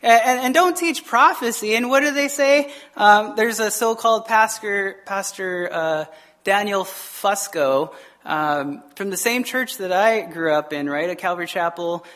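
A male pastor preaches with an animated, conversational delivery. He wanders into quick asides and slips into the voices of people he quotes. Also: high-pitched. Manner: frequent fillers and quick asides. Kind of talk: sermon.

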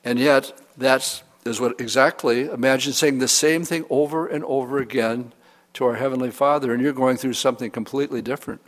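A pastor preaching a sermon in a conversational, humorous way, acting out examples as he goes. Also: medium pitch. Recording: reverberant hall.

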